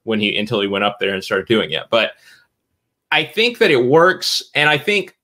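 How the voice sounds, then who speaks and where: A man co-hosting a casual film review chat, giving halting opinions full of fillers. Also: medium pitch, sing-song, sharp tone. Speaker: film review podcast co-host.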